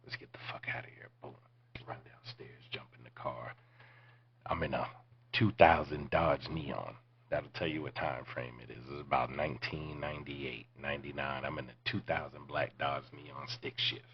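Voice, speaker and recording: Podcast host, man in his 40s, extremely low voice, laid-back and foul-mouthed storyteller, muffled lo-fi sound. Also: fairly even intonation, moderate pace, noisy background. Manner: profane, laid-back, drops to near-whispers. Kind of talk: casual storytelling.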